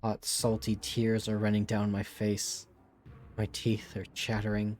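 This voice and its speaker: Wry, low-voiced male streamer. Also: completely flat delivery, a little slow, darkish tone, soft background music. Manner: casual and wry, swearing, reading story text dramatically. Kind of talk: gameplay commentary and reading game text aloud.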